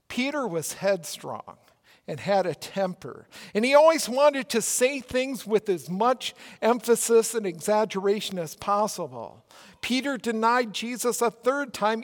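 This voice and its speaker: A male pastor with a Minnesota accent preaching a sermon in a church, earnest and measured, with emphatic rises. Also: high voice. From Minnesota, United States. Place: church sanctuary. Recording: long church reverb.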